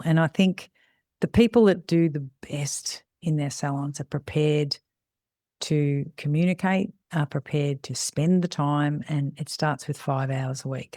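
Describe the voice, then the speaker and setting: A woman's voice: low voice, mellow, no echo, clean studio sound. A middle-aged woman, a salon business mentor, talking bluntly and casually and acting out bits of dialogue, with the odd swear word. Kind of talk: casual podcast talk.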